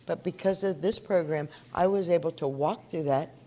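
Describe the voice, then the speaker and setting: This woman's voice sits low and mellow, moving at a moderate pace. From Indiana, she's speaking in a meeting hall at a recovery meeting, earnestly and conversationally telling her story to the audience and asking them questions.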